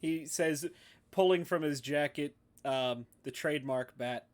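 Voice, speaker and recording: A man playing a tabletop game, narrating his character's actions in quick asides. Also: a little high, darkish tone. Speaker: player.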